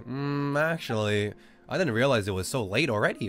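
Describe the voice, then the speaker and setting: A young man from Australia chatting with viewers on a live stream in a loud, animated, crude joking way. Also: medium pitch, a little fast, faint music behind.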